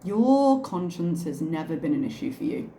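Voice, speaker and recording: A woman's voice: lowish voice, sing-song, normal speed, mellow, a little hiss or hum. A woman hosting a reaction channel, giving sarcastic and disbelieving commentary on a video. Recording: roomy echo.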